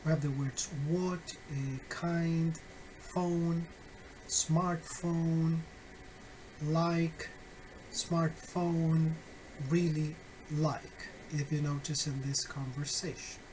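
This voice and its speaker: A man teaching phonetics in a recorded online lesson, deliberate and full of fillers and self-corrections, with wry, friendly asides to his students. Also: a little high, flat delivery, a little mellow, a little hiss or hum, rough recording.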